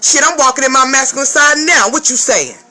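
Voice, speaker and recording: A woman's voice: high-pitched, a little fast, bright, forceful tone, soft background music, poor audio. A woman speaking as a spiritual advisor in a casual vlog rant. She swears a lot, talks emphatically and keeps checking in with the viewer.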